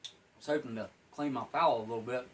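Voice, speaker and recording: A medium-pitched man talks fast, with a little hiss or hum on poor audio. Reviewing an MRE, he stays casual and plain-spoken, rambling as he eats and smokes and sometimes speaking through a full mouth.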